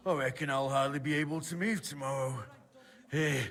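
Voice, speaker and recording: An actor voicing a burly, blunt medieval brawler who talks curtly in video game dialogue. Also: male voice, mid-range voice, fairly even intonation, moderate pace, fairly bright tone, close to an everyday voice. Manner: curt, plain-spoken.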